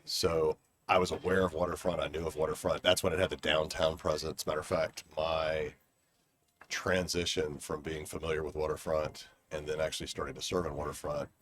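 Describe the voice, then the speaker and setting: A man's voice: a bass voice, level tone, a little fast. A middle-aged man telling stories in a reflective, rambling way during a casual conversation, recorded outdoors on a garden bench. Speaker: former board member.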